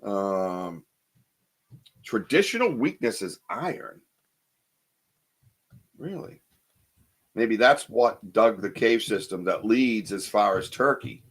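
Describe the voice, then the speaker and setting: A man's voice: lowish voice, expressive, takes it slowly, pauses often, slightly rough. A man hosting a casual live podcast, rambling and chatty as he reads viewer comments aloud, with lots of ums and restarts. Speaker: podcast host.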